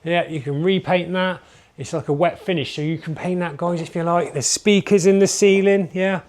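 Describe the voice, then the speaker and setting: A man's voice: a little high, a little mellow. Upbeat salesman touring a lodge. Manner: upbeat sales patter, keeps addressing viewers. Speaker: holiday park salesman. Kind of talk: enthusiastic property walkthrough. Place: inside a holiday lodge, walking room to room.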